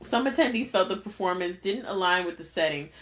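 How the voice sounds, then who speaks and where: Animated woman podcast co-host, laughing. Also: lowish voice, brisk. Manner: animated, laughs often, storytelling. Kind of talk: casual podcast chat.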